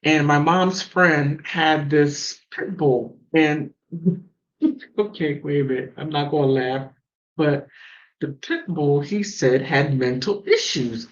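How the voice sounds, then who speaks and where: A woman from the mountains hosting a call-in show and telling stories in a casual, animated way. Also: takes it slowly, muffled recording. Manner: animated storytelling with big pitch swings. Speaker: host. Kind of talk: casual chat.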